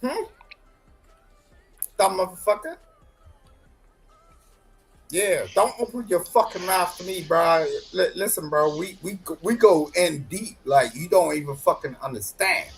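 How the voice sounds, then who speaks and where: A man arguing on a livestream, boastful and profane, often shouting insults at another caller. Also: high voice, measured pace, long pauses, soft background music, poor audio. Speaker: livestream guest. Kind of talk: heated livestream argument.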